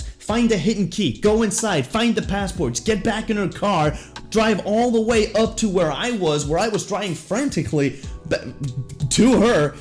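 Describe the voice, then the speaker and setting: A man's voice: high voice, darkish tone. Jokey young man telling a storytime. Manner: jokey, self-deprecating, full of puns and asides. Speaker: vlogger. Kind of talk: comedic storytime monologue.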